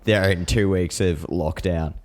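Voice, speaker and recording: A man's voice: sits low, steady tone, a little slow. A man co-hosting a casual chat podcast, blunt and sweary as he rants. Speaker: podcast co-host.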